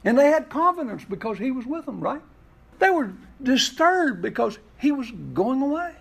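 A man's voice: very high-pitched, big pitch swings, moderate pace, creaky. A man preaching a sermon, asking rhetorical questions and voicing the scripture he quotes with expression. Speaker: pastor.

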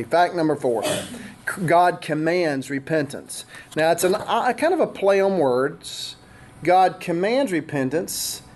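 A man's voice: high voice, darkish tone. A middle-aged man preaching a sermon in a conversational way, with asides and self-deprecating humor. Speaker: pastor.

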